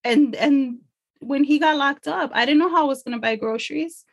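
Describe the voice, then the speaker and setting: High-voiced earnest woman podcaster. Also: normal speed, creaky, highs cut off. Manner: earnest and emotional, speaking from faith. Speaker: empowerment coach and podcaster. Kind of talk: casual podcast conversation.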